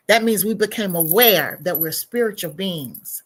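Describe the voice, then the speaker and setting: A woman hosting a livestream as a counselor, speaking in an unhurried, reflective way with soft drops in volume and sighs. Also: mid-range voice, lively intonation, slightly rough. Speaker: counselor and show host. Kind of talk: spiritual livestream talk.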